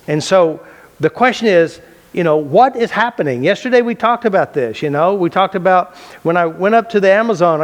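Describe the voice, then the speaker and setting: A man teaching a class in a mind-body healing method, talking casually and bluntly. He repeats key phrases and asks and answers his own questions. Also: high voice. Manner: casual and blunt, with loose restarts. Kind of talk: unscripted classroom lecture.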